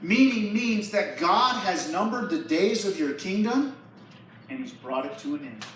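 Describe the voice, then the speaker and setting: A young man giving a sermon as a youth pastor. He retells a Bible story in a casual, lively way. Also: high voice, measured pace, a little hiss or hum. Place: church hall. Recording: echoey hall from far off.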